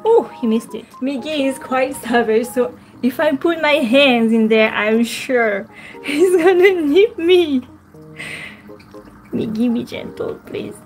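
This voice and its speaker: High lively woman coaxing her pet. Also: takes it slowly. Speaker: pet vlogger. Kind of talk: casual pet vlog narration.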